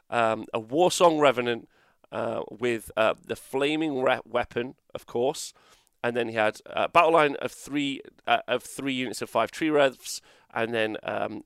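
Chatty man, smooth dry voice. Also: mid-range voice, a bit bright, no room sound. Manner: chatty, rambling with fillers. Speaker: host. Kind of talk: casual results rundown.

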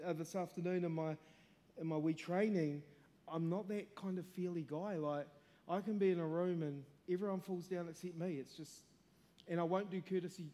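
A man preaching a sermon and telling a testimony, moving from quiet storytelling to loud, shouted preaching. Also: a little high. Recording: long hall reverb.

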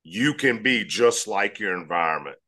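Man, low voice with a forceful edge, earnest guest storyteller. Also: lively intonation, moderate pace. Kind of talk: storytelling interview answer.

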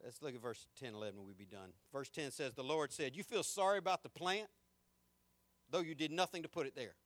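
A man preaching a folksy, emphatic sermon, rising to shouts at peaks. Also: on the high side, a little fast, no echo.

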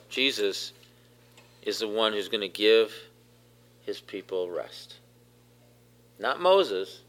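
A man's voice: mid-range voice, a bit bright. A man preaching a sermon, emphatic, repeating phrases and putting questions to the congregation. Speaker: pastor.

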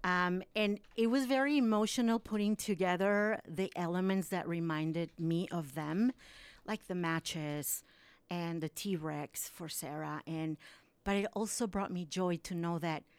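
A woman's voice: on the low side, unhurried, clean tone, no room sound. A woman from Mexico, a guest on a radio show, talking in a heartfelt way with small restarts. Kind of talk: casual radio conversation.

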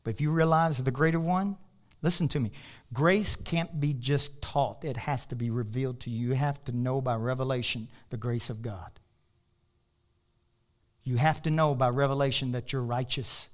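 A man preaching a sermon as pastor, passionate, climbing into loud, high bursts and then dropping to soft, low asides. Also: normal speed. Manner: animated storytelling with laughter.

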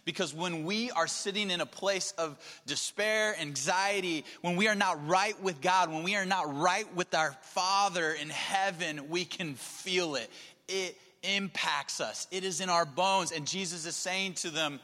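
Bright-voiced preacher in a reverberant hall. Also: male voice, high-pitched, measured pace. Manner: shifts between soft near-whispers and emphatic raised passages. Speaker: pastor. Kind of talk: sermon.

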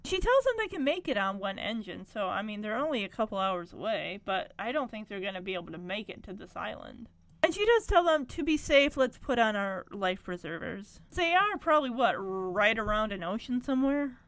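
A woman's voice: medium pitch, very animated, a little fast, fairly bright tone, dry recording. A woman casually recapping a TV episode, chatty and rambling with lots of fillers.

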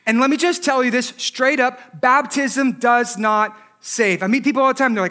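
A married man preaching a sermon as pastor, animated, with joking asides and rhetorical questions. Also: very high-pitched, normal speed, hardly any pauses. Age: adult, married.

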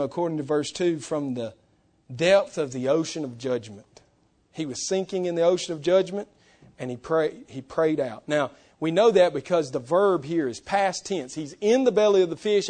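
High-voiced male preacher, loud then hushed. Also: expressive, normal speed. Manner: preaching with swings between loud emphasis and hushed low tones. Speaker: pastor. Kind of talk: sermon. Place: church.

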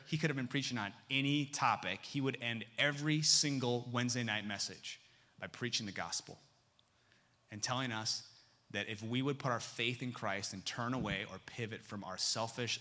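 A young adult man, a campus missionary, preaching a sermon full of stories and acting out dialogue with sudden pitch jumps. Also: pushed and bright.

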